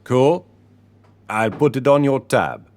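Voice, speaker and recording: A man voicing a shopkeeper who talks in a showy Caribbean accent while making a smooth sales spiel. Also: medium pitch, expressive, slow, darkish tone, pitched above the performer's own voice. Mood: smooth, salesy. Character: older male shopkeeper with put-on Caribbean patter.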